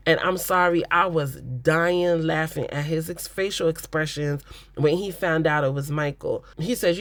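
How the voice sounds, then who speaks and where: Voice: mid-range voice, a little slow, fairly bright tone, no echo. An adult host giving a casual, opinionated recap of a reality show in a blunt, exasperated way.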